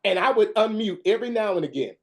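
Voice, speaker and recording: A webinar presenter telling a folksy, animated story and acting out the quotes. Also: medium pitch, fast talker.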